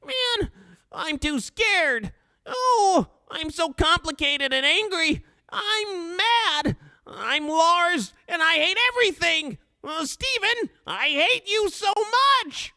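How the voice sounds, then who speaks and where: A man's voice: very high voice, animated, takes it slowly, sharp tone, no echo, pitched above the performer's own voice, full character voice. A man doing a whiny, terrified teenage boy. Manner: whiny, wailing, self-pitying. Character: whiny fearful teenage boy, complaining and scared.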